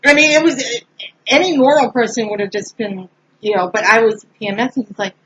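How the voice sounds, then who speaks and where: A woman in casual podcast chat, telling a story in an animated way. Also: a little high, brisk, breathy edge. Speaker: podcast co-host. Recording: slightly dull lo-fi sound.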